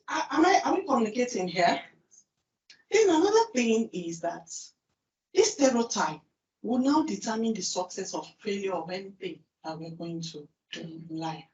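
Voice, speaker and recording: A woman with a Nigerian accent giving a lively conference talk, asking the audience questions and then answering them herself. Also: medium pitch. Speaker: conference speaker. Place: large conference hall. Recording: distant, roomy, dull hall recording.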